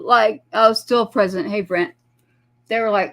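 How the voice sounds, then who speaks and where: Woman, somewhat high voice, talk show guest, animated storyteller. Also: moderate pace. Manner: animated, acts out quoted dialogue. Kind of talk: casual storytelling chat.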